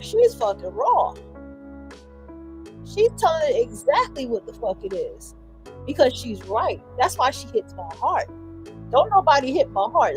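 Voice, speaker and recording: A woman hosting a livestream, giving emphatic, repetitive reaction commentary with a husky voice. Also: sits high, a little mellow. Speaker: livestream host.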